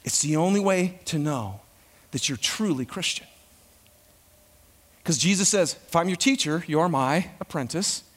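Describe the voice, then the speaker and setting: Animated, high-voiced male pastor preaching. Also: unhurried, long pauses. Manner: animated preaching, questions to the congregation. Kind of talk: sermon.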